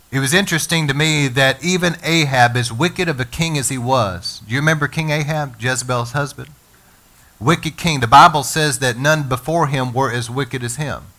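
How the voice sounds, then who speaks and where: A man preaching a sermon to his congregation, energetic and calling on the listeners to respond. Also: mid-range voice. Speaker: pastor.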